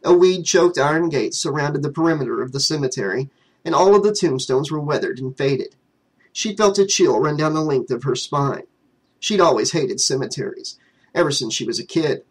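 A man with a fairly high voice reading a horror fan novel aloud as audiobook narration. He tells the story at a steady pace and keeps an even storytelling tone throughout. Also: moderate pace, breathy edge, rough recording.

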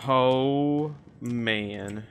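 A man's voice: medium pitch, extremely slow, slight background noise. Panicky swearing man playing a horror game. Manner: panicky, swearing, yelling at enemies. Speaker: gaming video creator. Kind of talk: frantic horror game commentary.

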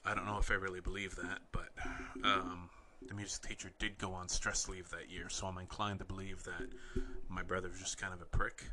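A young man from Canada hosting a podcast, telling wry, rambling anecdotes in a deadpan way. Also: sits low, a little fast, few pauses, background noise. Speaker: podcast host. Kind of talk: casual storytelling.

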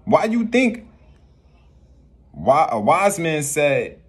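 A man's voice: a little high, big pitch swings, drawn-out words, slightly rough. A man delivering a rambling spiritual rant to his viewers, preachy and profane, often repeating himself. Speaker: vlogger.

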